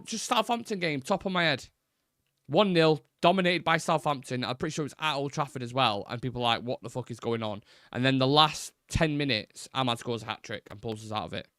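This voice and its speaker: A man's voice: medium pitch, fairly bright tone, no room sound. Man, football fan host, casual live-stream chat, blunt and sweary, dry close mic. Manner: blunt, swears freely, rambling restarts.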